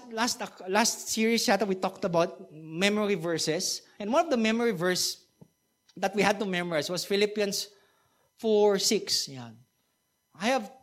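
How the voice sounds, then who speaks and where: A woman pastor with a Filipino accent preaching a conversational sermon and asking the congregation questions. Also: medium pitch.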